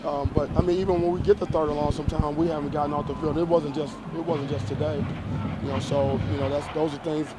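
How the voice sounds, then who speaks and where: After a game, a college football head coach fields reporters' questions in a post-game press conference, speaking in a measured, emphatic way and frequently restarting and repeating phrases. His voice sits fairly high, his delivery is flat, and there's heavy background noise.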